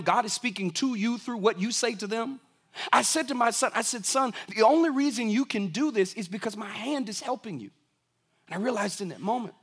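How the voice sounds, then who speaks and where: A young adult man preaching a sermon as a pastor, moving from soft, low asides to raised, emphatic lines.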